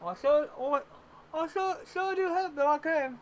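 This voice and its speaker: A streamer commentates a live game using a put-on blend of Cockney and Australian accents, rambling, repeating phrases, and making self-amused asides. The voice is high and unhurried, with a little hiss or hum in the audio.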